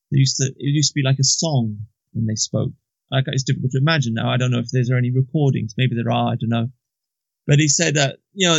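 A gravelly-voiced man from Britain talks through his thoughts in a relaxed conversation. He is reflective and halting, often circling back to restart a phrase. The recording is dull and lo-fi, close and dry. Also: mid-range voice, dry recording. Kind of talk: casual conversation.

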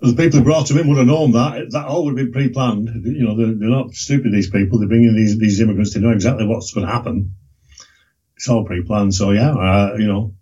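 A man, talking in a rambling, halting way on a casual podcast, with many restarts. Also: fairly low pitch, fairly even intonation, dark tone, breathy edge. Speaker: regular guest presenting a documentary series. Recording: dull lo-fi recording.

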